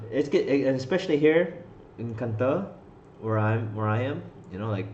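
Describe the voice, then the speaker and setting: A trading live-stream host talks in a mid-range, darkish voice, unhurried with lively intonation. He chats in a rambling, profane way and laughs often, over roomy, slightly dull stream audio with slight background noise.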